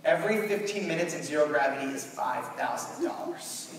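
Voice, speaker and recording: Young man, animated storyteller, keynote, distant mic, long reverb. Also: fairly high pitch, normal speed. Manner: animated, acts out quotes. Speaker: keynote speaker. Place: large conference hall. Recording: echoey hall from far off, faint noise.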